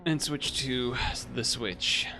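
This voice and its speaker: A man's voice: medium pitch, takes it slowly, bright, forceful tone. A man live-streaming a game, rambling casually to his chat with self-amused asides and casual swearing, over game music.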